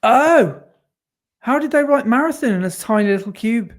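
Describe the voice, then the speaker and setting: A man with a very high, animated voice co-hosts a casual podcast at a normal speed. He rambles in chatty fashion, regularly correcting himself in the middle of sentences.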